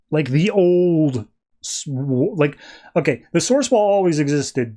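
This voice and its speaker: A man's voice: fairly high pitch, darkish tone. A male podcast host giving a casual recap of a comic, chatty and full of fillers. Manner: chatty paraphrasing, frequent fillers.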